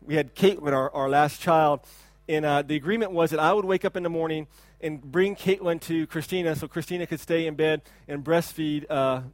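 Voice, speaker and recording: Animated high-voiced preacher with a dry sound. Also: male voice, a little fast, no echo. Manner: animated preaching, shouts to imitate a crying child; repeats words and restarts, conversational. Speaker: pastor. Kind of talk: sermon. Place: church hall.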